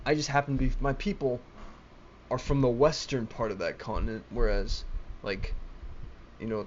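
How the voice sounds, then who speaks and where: A young man rants alone into his laptop's webcam mic, agitated, swearing a lot, stammering and restarting his words in a rambling way. His voice is medium-pitched and animated at a normal speed, and the recording has its highs cut off and a little hiss or hum.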